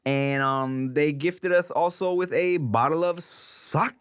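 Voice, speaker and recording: A man hosting a podcast, telling stories in casual chat, animated and profane, with plenty of fillers. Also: on the high side, takes it slowly, clear, resonant tone, no echo, studio quality. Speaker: podcast host.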